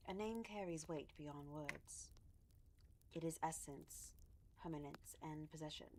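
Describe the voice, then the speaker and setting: A woman voicing an ethereal flame spirit in a dating game, reading its lines in a slow, stately, hushed regal voice. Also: low voice, background noise, voice pushed down. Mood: regal, tender. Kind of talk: reading a dating sim character aloud.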